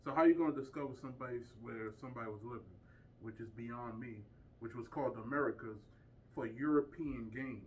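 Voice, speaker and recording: A man teaching a small group in a loose, emphatic lecture, firing off rhetorical questions. His voice is mid-pitched and sits back from the microphone, with a faint hiss of noise underneath. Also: fairly quick, far from the mic, low-quality recording. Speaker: community speaker teaching a group. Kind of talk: informal lecture to a small audience.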